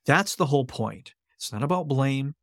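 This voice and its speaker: An earnest man talks through his ideas as a podcast guest, circling back to his key phrases to drive them home. His voice sits at an ordinary middle pitch, and the recording is close and dry with no room sound. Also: expressive, moderate pace, a bit bright, no echo. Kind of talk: conversational interview.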